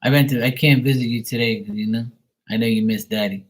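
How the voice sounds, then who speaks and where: A man's voice: mid-range voice, fairly even intonation, quick pace. Blunt, foul-mouthed male livestreamer. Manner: profane, blunt, talks back to viewers. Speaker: livestream host. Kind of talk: casual livestream chat.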